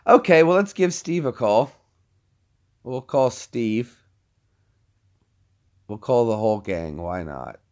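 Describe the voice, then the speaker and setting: A man's voice: medium pitch, animated, slow, long pauses. A man hosting a casual livestream from his phone, rambling and often restarting his sentences. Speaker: livestream host.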